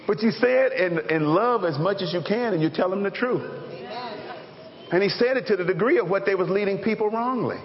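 A pastor preaching a lively, joking sermon and calling out to the congregation. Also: male voice, sits high, fairly quick. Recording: echoey hall, dull lo-fi sound.

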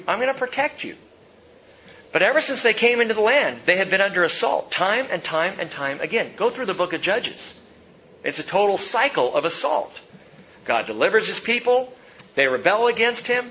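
A man preaching a sermon, reading scripture aloud and explaining it with expressive delivery. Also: on the high side, dull audio, a little hiss or hum. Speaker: pastor.

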